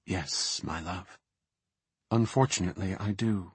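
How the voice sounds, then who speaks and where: A man voicing a calm night elf high priestess, speaking softly and gravely in an audiobook. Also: measured pace, no echo, heavily acted.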